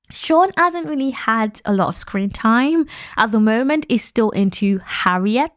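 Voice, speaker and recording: A woman's voice: lowish voice, no echo, clean studio sound. A young woman hosting a podcast, giving frank, opinionated commentary in a chatty way, laughing often and using lots of fillers. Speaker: podcast host.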